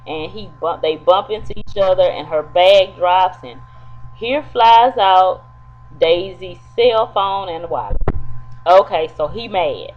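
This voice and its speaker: A woman's voice: on the low side, slow pace, faint music behind. A woman in a casual, chatty soap opera episode recap, talking straight to her viewers. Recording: dull lo-fi with faint hum.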